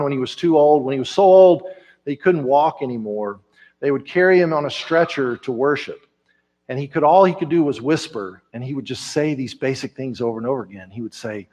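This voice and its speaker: A man with a Texan accent preaching a conversational sermon as pastor, talking with frequent restarts. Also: on the high side. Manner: conversational, warm storytelling with many restarts. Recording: church sanctuary with long reverb.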